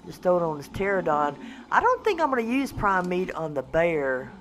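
A woman hosting a casual let's-play, chatting to the animals in her game in a coaxing, excitable way. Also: lowish voice, moderate pace, slight background noise. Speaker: gaming channel host.

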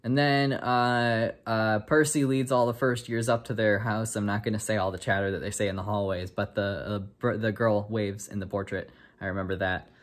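A man's voice: on the low side, steady tone, normal speed. A man casually retelling a film from memory in a jokey, self-correcting way. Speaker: vlogger.

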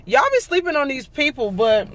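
A lash technician who vlogs films a casual selfie video about her day, holding her phone at arm's length, chatty, rambling and often exasperated. Her voice is high with big pitch swings, a moderate pace and a slightly bright tone.

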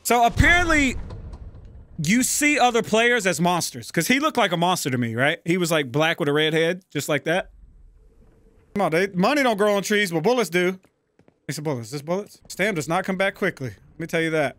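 A man giving casual, profane gameplay commentary, prone to loud excited outbursts. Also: high voice, brisk, no echo. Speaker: gaming YouTuber.

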